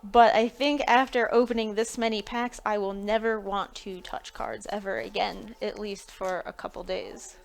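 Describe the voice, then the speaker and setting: A woman's voice: medium pitch, steady tone, normal speed, vocal fry, few pauses. A woman chatting casually on a live stream while opening card packs, thinking aloud and laughing between remarks. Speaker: live-stream pack opener.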